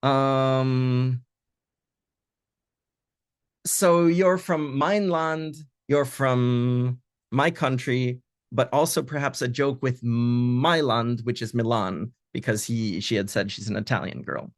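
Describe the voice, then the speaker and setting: Man translator leading an online reading session, mid-pitched, unhurried, full of fillers, dry video-call sound. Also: steady tone, dry recording. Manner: thoughtful, hesitant, many fillers.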